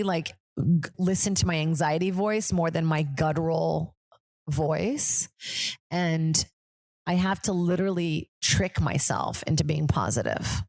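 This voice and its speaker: A woman's voice: low voice, no room sound. Rambling chatty woman hosting a podcast. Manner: rambling and chatty, drops into quoted voices. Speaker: podcast host and comedian. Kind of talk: casual chat.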